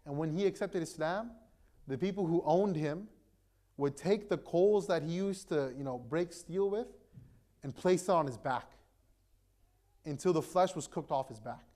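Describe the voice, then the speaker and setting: Young guy imam telling a story at a friday talk, kinda high voice, lots of likes and rights. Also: normal speed, mellow. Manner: casual storytelling with many fillers and "right?" tags. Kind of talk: storytelling sermon.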